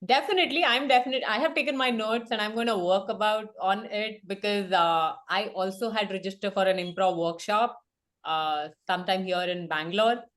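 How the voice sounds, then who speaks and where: A woman co-hosting a podcast in casual, halting chat over a video call. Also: medium pitch, fairly bright tone. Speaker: podcast co-host.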